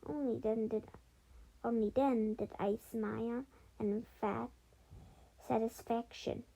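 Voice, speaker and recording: A woman reading a children's storybook aloud, halting often and correcting her own slips as she goes. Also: fairly high pitch, fairly even intonation, gravelly, mellow, low-quality recording. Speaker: storybook reader.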